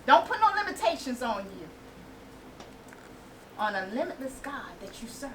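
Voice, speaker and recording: A woman in her late forties sharing an animated, laughing testimony at a women's conference. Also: sits high, moderate pace. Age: 40s. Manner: animated storytelling, laughing and exclaiming. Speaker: inspirational speaker. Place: conference venue with a small audience. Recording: distant mic with faint audience and room noise.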